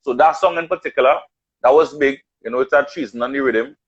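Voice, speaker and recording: A man's voice: mid-range voice, fast, breathy edge, lo-fi sound. A man telling stories of his music career in casual chat, acting out what others said. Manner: animated storyteller, acts out quotes. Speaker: radio announcer and artist.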